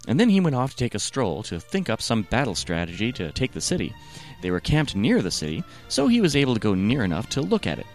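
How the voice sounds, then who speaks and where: A man narrating a satirical retelling of a scripture story in a deadpan, sardonic manner. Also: medium pitch, quick pace. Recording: faint music underneath.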